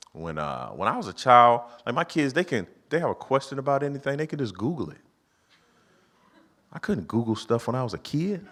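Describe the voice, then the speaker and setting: A middle-aged man performing stand-up comedy, telling family stories and acting out his own lines in a higher voice. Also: a bit bright. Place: church auditorium with live audience.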